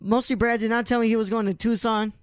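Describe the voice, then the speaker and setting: A man's voice: high-pitched, flat delivery, fast, clean tone, dry recording. A man hosting a podcast in casual chat, loose and swearing easily, with lots of fillers, on a close mic. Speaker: podcast host.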